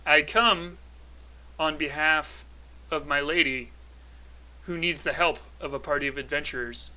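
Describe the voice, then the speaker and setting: A man's voice: a little high, unhurried, bright, forceful tone, low-quality recording. A man voicing a formal male android envoy in a tabletop game, speaking in stiff, mechanical phrases. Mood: stiff polite.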